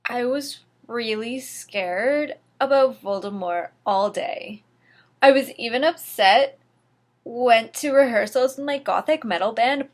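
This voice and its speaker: A woman reading aloud as a melodramatic teenage goth girl narrator, overwrought and boastful. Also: fairly high pitch. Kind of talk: dramatic reading of a fan story.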